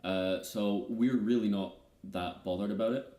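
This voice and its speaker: A man co-hosts a casual living-room podcast, rambling through his points and laughing often. His voice is low and warm. The room gives it a noticeable echo. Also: fairly even intonation, normal speed. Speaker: podcast co-host. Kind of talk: casual chat. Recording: echoey room.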